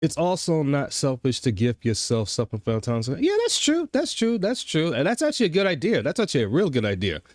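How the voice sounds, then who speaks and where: Male commentary host, exasperated and repetitive, high-pitched, dry close sound. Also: huge pitch swings, fast talker, few pauses, no room sound. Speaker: commentary host reacting to a streamer. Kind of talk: casual reaction commentary to chat.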